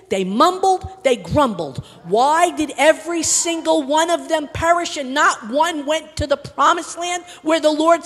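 Impassioned older woman preaching in a hall. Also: sits high. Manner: impassioned, repeating words for emphasis, swings from loud to hushed. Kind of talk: sermon. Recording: long reverb of a large hall.

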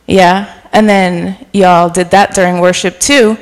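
A middle-aged woman preaching informally in a church, chatty and self-deprecating, then softening into earnest encouragement. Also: lowish voice, fairly even intonation, slow. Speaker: guest preacher. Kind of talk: informal sermon. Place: church sanctuary. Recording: long reverb of a church hall.

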